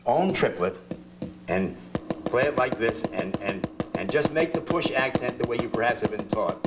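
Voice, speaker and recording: An older man teaching drum technique, talking in a chatty, halting way with restarts as he demonstrates. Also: medium pitch, animated, very noisy. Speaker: drum instructor. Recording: drums heard in the room. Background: drum strokes between phrases.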